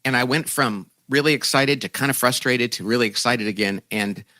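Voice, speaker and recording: A man, a guest author, telling a lively conversational story and acting out quoted voices in a self-deprecating way. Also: mid-range voice, a little fast, no echo.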